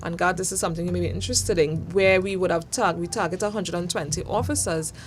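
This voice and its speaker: A woman's voice: fairly low pitch, steady tone, fast talker, a little hiss or hum. A woman, a police social work manager explaining support services in an earnest, articulate way. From Trinidad and Tobago. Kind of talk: interview explanation.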